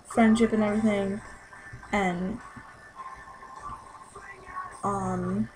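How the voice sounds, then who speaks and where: A young woman with a mid-range voice recaps a concert in a casual vlog, chatty and gushing and saying "like" constantly. Her pitch barely moves and she talks extremely slowly. The background is noisy.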